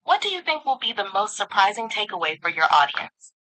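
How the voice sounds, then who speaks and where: A synthetic woman's voice speaks as an AI voice assistant in conversation. Her tone is bright and forward, and her replies stay smooth and upbeat. Every phrase sounds polished and even. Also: medium pitch, fairly quick, low-quality recording.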